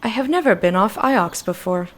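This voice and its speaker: A woman's voice: medium pitch, expressive, normal speed, close to an everyday voice. A woman reading game dialogue aloud as a formal, literal-minded robot servant. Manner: stiff, literal, polite, says "mistress".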